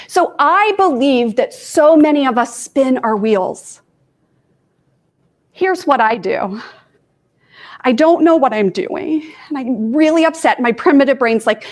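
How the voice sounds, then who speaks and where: A woman's voice: high voice, animated, a little slow. A woman life coach from Kansas giving an informal talk to students, chatty and self-deprecating, with asides to her audience.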